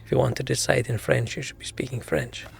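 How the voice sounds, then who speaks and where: A man's voice: mid-range voice, big pitch swings, a little fast, creaky. A man streaming a video game, rambling and musing aloud in casual commentary.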